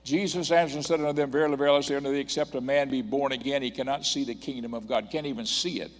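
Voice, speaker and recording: A man's voice: medium pitch, steady tone, very fast. Older male preacher, emphatic, repeats his points, church hall reverb. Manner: emphatic, reads scripture aloud and repeats points. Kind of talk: sermon. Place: church sanctuary.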